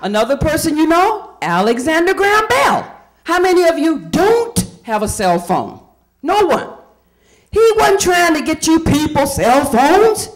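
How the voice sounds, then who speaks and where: A woman's voice: high voice, sing-song, moderate pace. A woman from Indiana doing a stand-up comedy set, chatty and quizzing the crowd with questions. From Indiana, USA.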